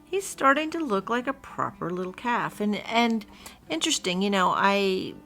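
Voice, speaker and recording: A woman's voice: medium pitch, sing-song, moderate pace, a bit bright, soft background music. A middle-aged woman, chatting folksily as she teaches painting at home. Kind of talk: casual painting tutorial.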